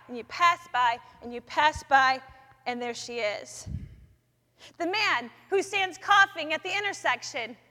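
A woman speaking in a chapel, sharing a personal faith story with lively storytelling in which she acts out her own thoughts. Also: extremely high pitch. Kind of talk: personal testimony talk. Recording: long echoey hall reverb.

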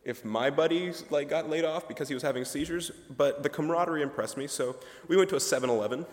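A man's voice: fairly high pitch, fast. A young man, a ministry student, giving a humorous, chatty chapel talk, full of asides and fillers. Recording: reverberant chapel hall.

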